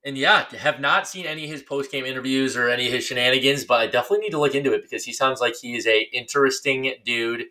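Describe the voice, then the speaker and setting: Young man, bright voice, casual sports podcast chat, relaxed and rambling. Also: medium pitch, fast talker, few pauses. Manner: relaxed, chatty, slightly rambling. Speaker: podcast co-host.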